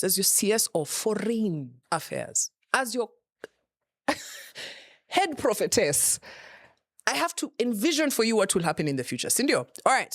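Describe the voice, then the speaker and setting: A young Kenyan woman hosts a comedy show, delivering a playful, teasing monologue, laughing often and mixing in Swahili. Her mid-range voice is captured in clean studio sound with no room noise.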